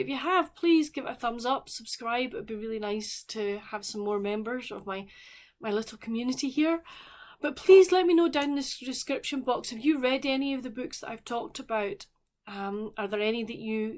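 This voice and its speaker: A woman's voice: a little high, normal speed, darkish tone. A woman chatting casually as a book vlogger, rambling with friendly asides to her viewers. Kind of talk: casual vlog chat.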